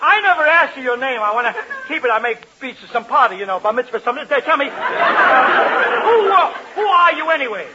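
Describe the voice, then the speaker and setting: A man hosting a 1940s radio comedy, excitable and wisecracking. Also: very high-pitched, a loud crowd, heavy background noise. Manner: fast-talking, excitable, wisecracking. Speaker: comedy show host. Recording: muffled old radio broadcast, studio audience.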